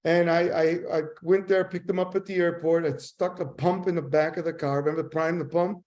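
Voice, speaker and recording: An older man reminisces in a loose, rambling way, slipping into lively impressions of the people he talks about. His voice sits a little high for a man. He is a sales trainer chatting as a guest. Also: a little fast. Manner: animated, rambling anecdotes with voice impressions. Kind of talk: casual storytelling.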